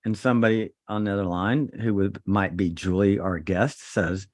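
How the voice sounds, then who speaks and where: Middle-aged male host, low voice, dry close sound, lively storyteller. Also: moderate pace, no room sound. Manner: animated, acts out other people's voices in his stories. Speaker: podcast host and trauma surgeon. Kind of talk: casual storytelling on a podcast.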